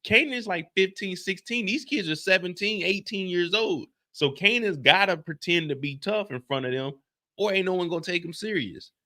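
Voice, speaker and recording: A young man hosting a live stream and reviewing a TV episode talks loosely and chattily, leaning on "like" and "you see what I'm saying." His voice sits high and sounds expressive, pushed and bright, at a normal speed.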